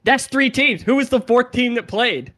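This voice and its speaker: A man with a Southern US accent, an animated panelist and caster chatting casually about an esports league. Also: very high voice. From Southern United States. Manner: animated, excitable, quick to joke.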